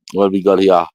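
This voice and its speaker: Deep, slow-talking man hosting a live stream. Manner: reads out viewer comments. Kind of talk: casual chat.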